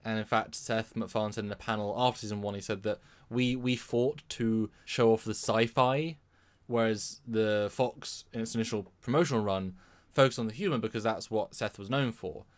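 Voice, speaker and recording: Speaking at a moderate pace with a voice on the low side, this livestream co-host rambles through a casual stream. He often restarts his sentences and repeats words.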